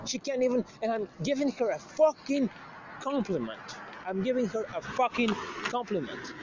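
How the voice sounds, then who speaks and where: A man with a high voice, the show's host, rambles through a profane, crude story in a casual monologue with lots of restarts. The recording is lo-fi and slightly muffled, with a little hiss or hum.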